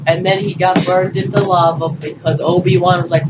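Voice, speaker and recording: Rambling teenage boy, high voice. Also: flat delivery, normal speed. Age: teens. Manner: goofy, profane, acts out characters in silly voices. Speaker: storyteller. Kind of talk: rambling comedic movie recap. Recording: distant muffled mic with loud noise.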